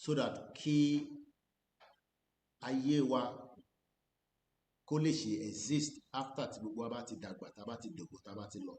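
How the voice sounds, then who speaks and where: A Nigerian man, talking as an activist commentator, moves between English and Yoruba. His delivery is earnest and deliberate, leaning hard on key phrases, and his tone is somewhat dark. The room sounds roomy, with a faint rumble underneath.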